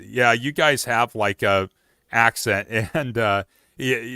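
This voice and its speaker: Male stream host, rambly and casual; bright, crisp tone. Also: mid-range voice, unhurried, no echo, clean studio sound. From Oregon. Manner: rambling, many fillers and restarts. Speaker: livestream host. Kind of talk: casual outdoors chat.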